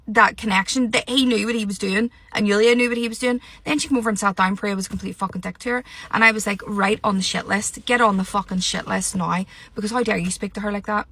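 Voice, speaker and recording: A young woman vents in a heated, sweary rant. Her voice is bright and forceful. The recording is dry and close, with no room sound. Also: medium pitch, dry recording. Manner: heated, sweary, exasperated ranting. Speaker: reality TV commentator. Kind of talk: ranting vlog.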